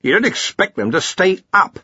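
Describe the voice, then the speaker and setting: A man voicing a blustering older male wizard archchancellor, booming and hearty, in an audiobook. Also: big pitch swings, moderate pace, sharp tone, breathy edge, no echo, dull audio, full character voice. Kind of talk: audiobook character voice.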